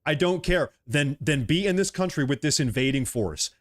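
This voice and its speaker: A man's voice: on the high side, lively intonation, normal speed. A man in his early thirties from the United States, giving a heated political rant full of repetition and swearing. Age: 30s. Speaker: political commentator.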